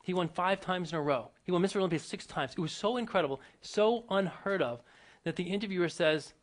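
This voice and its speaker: A man's voice: high voice, a little fast. A man giving a motivational speech to an audience, emphatic and full of rhetorical questions and stories. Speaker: motivational speaker.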